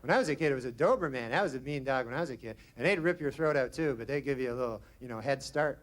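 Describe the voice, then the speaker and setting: A man doing a stand-up set with a deadpan, rambling delivery full of hesitant restarts. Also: medium pitch, very fast. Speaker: stand-up comedian. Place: comedy club stage. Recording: live club recording with crowd laughter and noise. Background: audience laughter.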